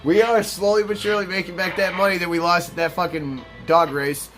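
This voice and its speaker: A man's voice: high-pitched, fairly even intonation, a little fast, over music. A young man hosting a let's play, rambling through casual, profane gameplay commentary and stories.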